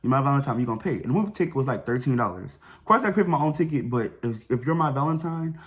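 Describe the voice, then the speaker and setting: A young man telling a personal story to his viewers in a chatty, slangy way, dropping fillers like "boom" and "whatever". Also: expressive, very fast. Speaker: vlogger. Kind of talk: casual storytime.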